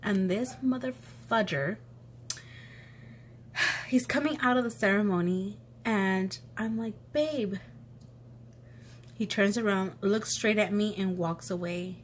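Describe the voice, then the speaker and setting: A young woman tells a story-time vlog in a loose, chatty way, acting out what everyone said. Her nose is stuffy from allergies and she keeps breaking off to sniffle. Her pitch sits right in the middle, and a faint hiss of room ambience runs underneath. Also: a little slow. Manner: chatty, animated retelling with quoted voices. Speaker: vlogger. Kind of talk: casual story time chat.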